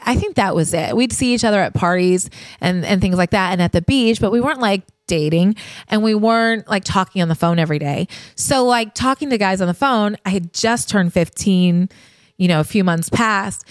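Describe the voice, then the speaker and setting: A woman's voice: mid-range voice, no room sound. A woman in her fifties from the United States, a podcast host telling a personal story in a chatty, confiding way and talking straight to her listeners.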